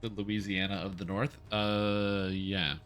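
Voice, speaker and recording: A man's voice: on the low side, flat delivery, takes it slowly, fairly bright tone, soft background music. A young man from Canada streaming a game, chatting casually in a rambling way and answering his chat. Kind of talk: casual chat while gaming.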